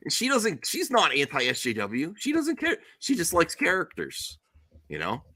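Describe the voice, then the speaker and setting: A middle-aged man hosting a casual podcast chat. He tells stories animatedly and slips into high squeals when mimicking others. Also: huge pitch swings, measured pace, pushed and bright. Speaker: show host.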